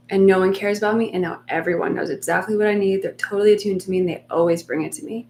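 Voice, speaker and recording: A woman giving a soft, unhurried talk on a live meditation stream, reassuring her listeners and sometimes dropping almost to a whisper. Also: on the low side, vocal fry, a little hiss or hum. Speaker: meditation coach.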